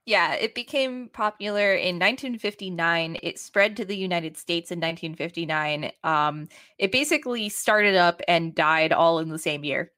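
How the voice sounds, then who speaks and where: A woman's voice: on the low side, normal speed, hardly any pauses, bright, forceful tone, no echo, studio quality. A woman hosting a casual podcast, asking quiz questions and explaining the answers in a matter-of-fact way. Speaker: podcast host. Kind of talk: casual chat, quizzing a co-host.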